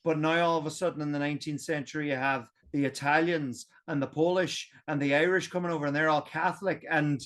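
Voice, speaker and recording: Guy on a history roundtable podcast, rambles on explaining stuff, fairly high voice. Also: steady tone, quick pace, few pauses, a bit bright. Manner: explains at length, many fillers and restarts. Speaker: podcast co-host. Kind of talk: casual roundtable discussion.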